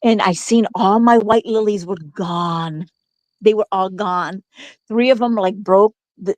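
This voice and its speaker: A middle-aged woman in easy, chatty conversation, her voice sitting at an ordinary pitch. She tells a story with frequent laughter and plenty of false starts. The sound is close and dry, with no room echo. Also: a little slow. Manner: chatty, laughs often, lots of restarts. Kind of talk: casual storytelling chat.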